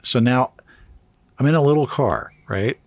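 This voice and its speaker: A man's voice: mid-range voice, sing-song, measured pace, creaky, no room sound. A man co-hosting a podcast, telling a story in casual chat and laughing often as he goes. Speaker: podcast co-host.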